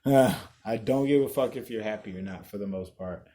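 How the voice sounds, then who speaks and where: A man hosting a podcast, ranting bluntly and profanely, loud one moment and muttering the next. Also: fairly low pitch, fairly quick. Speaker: podcast host. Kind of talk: casual podcast rant.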